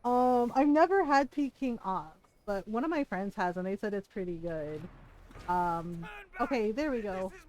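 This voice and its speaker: A woman's voice: mid-range voice, expressive, unhurried, darkish tone. A woman streaming a game, chatting casually and laughing her way through rambling stories.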